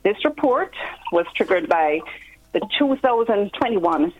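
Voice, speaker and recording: A Jamaican woman, a guest commentator in a phone-in news interview, explaining things step by step with pauses. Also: medium pitch, big pitch swings, highs cut off, a little hiss or hum.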